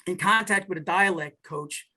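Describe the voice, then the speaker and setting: Bright-voiced storytelling male guest. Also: high voice, moderate pace. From New York/New Jersey area. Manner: storytelling, repeats words when starting sentences. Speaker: actor and playwright guest. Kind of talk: casual interview chat.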